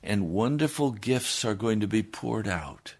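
A man voicing Satan as a male devil posing as a friendly angel, coaxing in a low, slow voice. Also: lively intonation, a little mellow, slightly rough, heavily acted.

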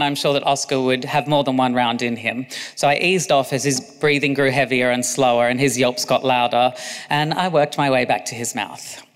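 A man's voice: mid-range voice, a bit bright, clean tone, in a large hall. Cheeky man reading aloud. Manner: cheeky, laughing asides. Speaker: author reading own memoir. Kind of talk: audiobook narration with asides.

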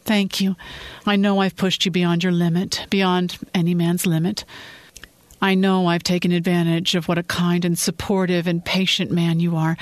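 A woman's voice: medium pitch, no echo, pitched above the performer's own voice, lightly acted. A woman voicing a determined wife who pleads with her husband in earnest in a fiction reading. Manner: earnest, apologetic, resolute. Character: determined young wife, private investigator. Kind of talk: audiobook-style fiction reading.

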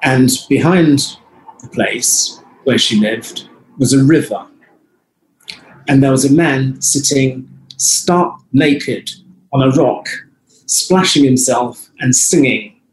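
A man speaks as an interview guest, unfolding personal anecdotes in a reflective, unhurried way. His voice sits at an ordinary middle pitch. The recording carries a roomy echo around him. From United Kingdom. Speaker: guest, holistic health clinic founder. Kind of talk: conversational interview storytelling.

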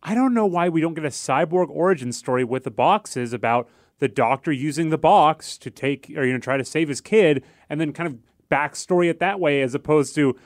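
A wry man on a casual podcast, his voice pitched a little high. He talks in joking complaints with an amused edge. The sound is dry and close. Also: brisk, hardly any pauses, dry recording. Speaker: podcast co-host. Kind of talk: casual chat.

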